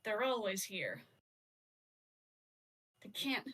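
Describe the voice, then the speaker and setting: A woman's voice: mid-range voice, sing-song, very slow, a bit bright, heavily acted. A woman voicing a grieving, furious warrior woman in a tabletop game, her lines clipped and desperate. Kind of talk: playing a character in a tabletop game.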